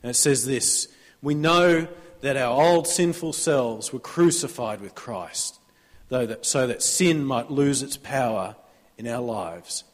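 Australian pastor preaching in a reverberant church. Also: male voice, medium pitch, slow pace. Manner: conversational preaching, prompting the congregation to answer amen. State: sore throat. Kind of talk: sermon.

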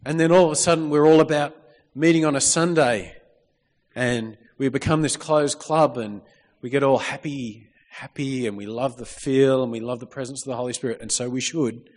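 A man's voice: mid-range voice, normal speed. A man preaching a sermon in a church, reading scripture and calling out for amens from the congregation. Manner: lively, calls out for amens, reads scripture. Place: church hall. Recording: long reverb of a church hall.

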